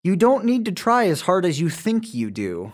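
A man's voice: high voice, huge pitch swings, moderate pace. A man co-hosting a casual chat, explaining stage dialects in a teacherly way. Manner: explanatory, teacherly about accents. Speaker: podcast co-host.

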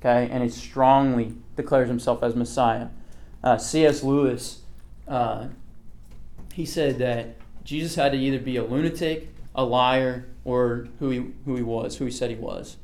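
A man's voice: mid-range voice, steady tone, normal speed, darkish tone. A man leading a casual Bible study, talking through a passage in a conversational way, often checking in with "okay" and asking the group questions.

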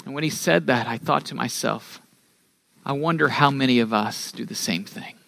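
A middle-aged man preaching a sermon as pastor, earnest, rising in pitch and force on key phrases and dropping to a soft near-whisper. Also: creaky, dry recording.

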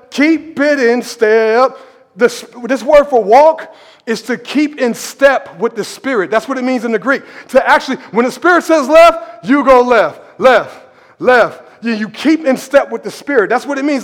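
A man preaching a sermon as pastor, emphatic and animated, repeating words for effect and calling out to the congregation. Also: very high-pitched, long reverb tail. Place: church hall.

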